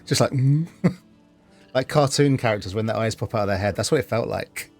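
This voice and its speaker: A man's voice: on the low side, moderate pace, gravelly, soft background music. A man streaming a game, chatting casually, reading chat aloud, laughing and swearing freely.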